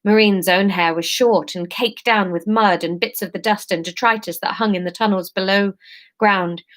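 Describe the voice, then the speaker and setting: A woman's voice: mid-range voice, fairly even intonation, moderate pace. A woman in her thirties reading her story aloud on a livestream, breaking off into chatty, self-mocking asides. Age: 30s.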